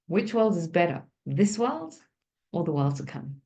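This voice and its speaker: Woman teacher, relaxed lesson, chatty, asks the room. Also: lowish voice, unhurried. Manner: conversational, asks the group questions. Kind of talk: informal religious lesson.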